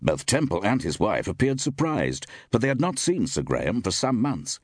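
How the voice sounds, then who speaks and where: A man narrating a story, reading with expressive, varied delivery. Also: fairly low pitch, normal speed, no room sound, clean studio sound. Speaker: audiobook narrator. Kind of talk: scripted narration.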